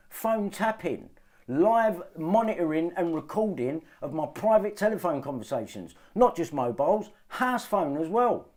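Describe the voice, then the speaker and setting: A male vlogger rants to his viewers in an agitated monologue to camera, swearing often and repeating himself to hammer his points home. His voice is high with a darkish tone.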